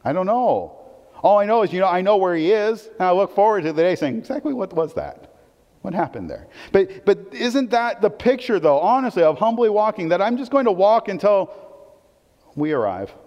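A male pastor preaching a sermon in a conversational, animated way, swinging between loud emphatic lines and quiet asides, and asking the audience questions. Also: high-pitched, fairly quick. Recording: dull, long-reverb hall recording.

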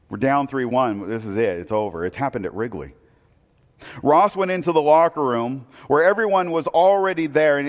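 A man preaching a sermon, telling a story that swings between loud excitement and hushed, intense moments. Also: a little high. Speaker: pastor. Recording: long hall reverb.

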